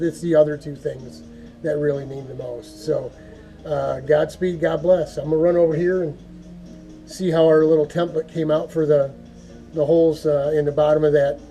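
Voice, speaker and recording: A man giving an earnest, folksy prayer talk to camera, halting and repeating words as he goes. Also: fairly high pitch, dark tone. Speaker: go-kart hobby vlogger.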